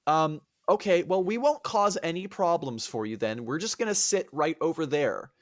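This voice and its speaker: A man's voice: a little high, animated, moderate pace, dry recording, studio quality, pitched above the performer's own voice, lightly acted. Odysseus, a man doing a chill, clueless bro of a hero. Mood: sheepish. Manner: chill, sheepish dude talk. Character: casual, clueless male Greek hero. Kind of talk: comedic podcast retelling.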